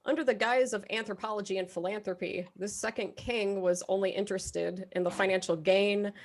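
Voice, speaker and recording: An American woman hosts a live comedy game show at a middle pitch. She reads out quiz clues, then drifts into laughing, swearing asides about them. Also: fairly even intonation, a little fast. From United States. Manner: laughing, profane, joking asides.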